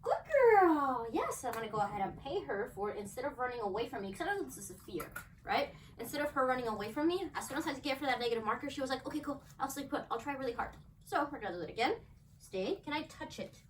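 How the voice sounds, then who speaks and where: Woman dog trainer, high animated voice, upbeat praise, distant camera mic, faint room noise. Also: quick pace. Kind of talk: hands-on training demo. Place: indoors at home with dogs.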